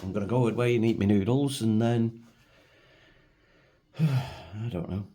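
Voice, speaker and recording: A man's voice: on the low side, a little slow, dark tone, slightly rough. A middle-aged man with a Manchester accent, chatting and rambling casually as he reviews food at home for his vlog. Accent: Manchester English. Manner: rambling, chatty, self-deprecating. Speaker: food vlogger. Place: home, at a table.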